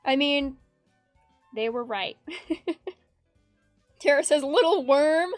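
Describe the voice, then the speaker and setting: Drawing on stream, a woman talks in a rambling, giggly way and reads out messages from chat. Her voice sits high and she draws out her words. There's no room sound, just faint background music.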